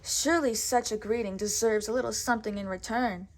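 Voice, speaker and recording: A woman voicing a wicked, greedy male sheriff with a gruff voice in a storybook read-aloud. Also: on the high side, fairly even intonation, brisk. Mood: mocking.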